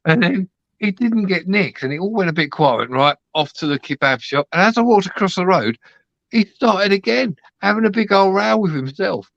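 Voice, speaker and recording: A man's voice: high-pitched, expressive, moderate pace, gravelly, fairly bright tone, no echo. A man, chatting on a live stream, telling stories, swearing freely and acting out the people he quotes. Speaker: host. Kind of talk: casual chat on a live stream. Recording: dull, dry lo-fi sound.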